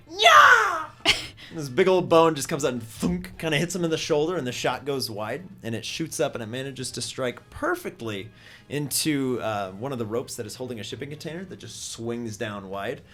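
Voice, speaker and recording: A man narrating a tabletop game as its game master, easygoing and rambling with lots of fillers. He jumps into loud voices for the people in the scene. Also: mid-range voice. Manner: relaxed, filler-heavy narration with sudden shouted character voices.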